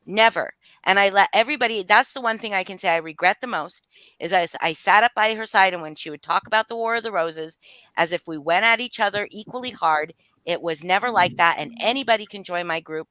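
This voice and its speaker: Woman, fired-up livestream confrontation, profane and heated, bright voice, dry close sound. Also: medium pitch, dry recording. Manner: angry, profane, voice rising and falling. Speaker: livestream guest speaking out. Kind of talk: emotional live-stream confrontation.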